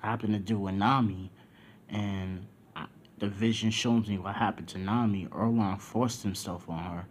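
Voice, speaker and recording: A man's voice: lowish voice, fairly even intonation, moderate pace, slight background noise. A young man casually telling a fan-fiction story, rambling with lots of fillers. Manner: rambling, filler-heavy, self-inserting.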